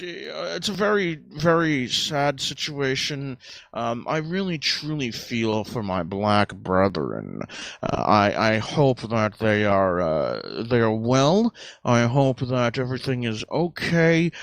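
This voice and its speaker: A man voicing a pompous, snobbish rich duck gentleman who talks down to everyone with hesitations, in an improvised comedy chat. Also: mid-range voice, no echo, close to an everyday voice. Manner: pompous, condescending drawl with frequent hesitations.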